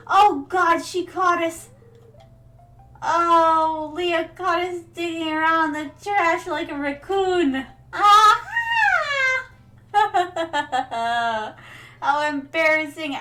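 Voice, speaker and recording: A woman's voice: high-pitched, fairly bright tone. A young woman streamer chatting playfully while playing a game, calling viewers her darlings. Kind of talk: casual gameplay commentary.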